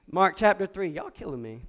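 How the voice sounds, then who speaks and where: A pastor preaching a lively sermon to a congregation and calling on them to repeat words back. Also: male voice, high-pitched. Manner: animated preaching with call-and-response to the congregation. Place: church sanctuary before a congregation.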